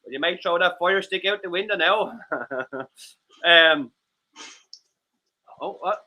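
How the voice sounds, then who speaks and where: An Irish man co-hosting a casual livestream chat, excitable, swearing and laughing often. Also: high-pitched, slow pace. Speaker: co-host.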